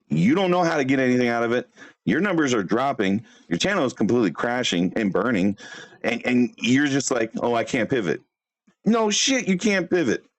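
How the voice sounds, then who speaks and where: A man hosting a livestream, roasting other streamers in brash, swearing, fast bursts. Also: mid-range voice. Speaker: livestream host.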